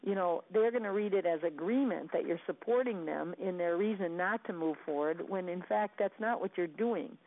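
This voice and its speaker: A woman giving an earnest, repetitive motivational coaching talk about sales conversations. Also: mid-range voice. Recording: tinny phone-line sound.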